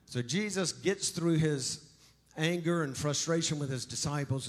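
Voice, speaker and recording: A man's voice: a little high, a little slow. A male pastor preaching a sermon conversationally, emphatic, with joking asides.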